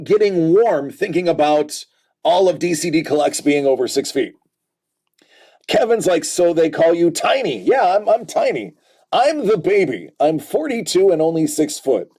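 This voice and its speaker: A man in his forties hosts a relaxed livestream, reading out chat comments and riffing on them with dry jokes. His voice sits a little on the high side. He talks at a slow, easygoing pace. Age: 40s. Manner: joking, reads chat comments aloud and riffs on them.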